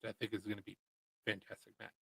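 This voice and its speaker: A man's voice: fairly low pitch, monotone, fast, creaky, a bit bright, slightly rough, no echo, rough recording. A man hosting a casual livestream, chatting in a laid-back, rambling and jokey way. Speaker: livestream host. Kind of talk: casual chat.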